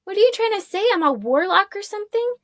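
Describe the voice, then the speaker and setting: A woman voicing a feisty young witch girl in a high, bright, indignant voice for a storybook read-aloud. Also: animated, unhurried, no echo, clean studio sound.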